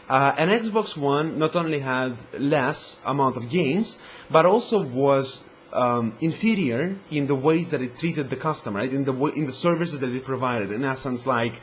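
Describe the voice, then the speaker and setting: A man's voice: mid-range voice, slight background noise. A man hosting a gaming vlog, ranting with profanity and heavy sarcasm in a rambling, casual way. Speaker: gaming video host.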